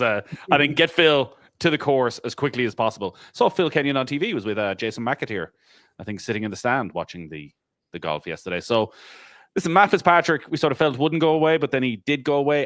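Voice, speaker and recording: A man's voice: mid-range voice, fairly bright tone, no room sound, studio quality. A man on a golf podcast panel chatting casually and telling stories from the course. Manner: chatty storyteller, mimics crowd voices.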